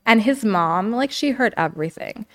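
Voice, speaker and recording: A woman's voice: mid-range voice, animated, normal speed. A young adult woman, a podcast guest, candidly telling her story in casual talk, often saying "like" and "you know". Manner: frequent "like" and "you know", reenacts quotes.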